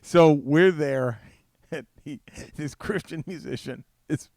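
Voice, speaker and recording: A man's voice: a little high, slow, creaky, dry recording, clean studio sound. A man co-hosting a podcast, telling a long funny story with lots of laughter. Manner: animated, laughs through his own story. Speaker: podcast co-host. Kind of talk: casual storytelling chat.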